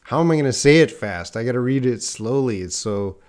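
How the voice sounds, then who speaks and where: Speaking a little fast in a medium, slightly mellow and animated voice, a man teaches a live online English lesson. He attempts tongue twisters, reads and answers viewers' comments, jokes with them, and laughs at his own slip-ups.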